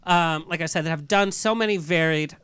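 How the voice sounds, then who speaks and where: Sassy host guy, kinda high voice, smooth and clear, dry studio sound. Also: fairly quick, a bit bright, no echo. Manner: sassy, quippy, steers the conversation. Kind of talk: casual panel chat. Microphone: studio mic.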